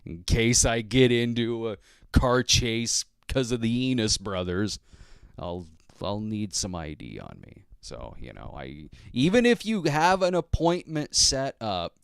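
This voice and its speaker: A man's voice: medium pitch, very animated, a little slow, gravelly, clear, resonant tone, no echo, studio quality. A man hosting a podcast, telling a rambling, casual story with chuckles, sometimes acting out what others said. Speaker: podcast host.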